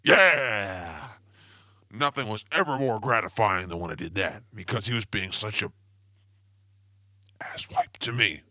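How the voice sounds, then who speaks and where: Goofy rambling man, bright dry voice. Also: fairly low pitch, animated, fairly quick, hardly any pauses, no room sound. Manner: rambling, goofy, self-promoting storyteller. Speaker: podcast host. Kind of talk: casual comedic monologue.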